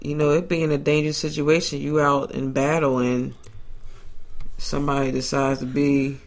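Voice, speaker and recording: A woman's voice: deep voice, little pitch movement, moderate pace. A woman co-hosting a casual podcast, blunt and teasing, swearing casually. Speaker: podcast co-host.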